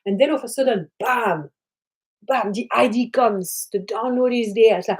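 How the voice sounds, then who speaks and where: A woman's voice: fairly high pitch, moderate pace, breathy edge, poor audio. A middle-aged woman speaking as a spiritual teacher in an earnest, emphatic teaching monologue, sometimes acting out what people say. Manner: earnest, emphatic, acts out quoted speech.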